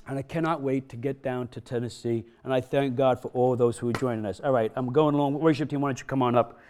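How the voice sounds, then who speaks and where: A man's voice: medium pitch, fairly even intonation, fast, hardly any pauses, a little mellow, clear, resonant tone. A male pastor preaching a sermon in a casual, rambling way that builds into emphatic exhortation.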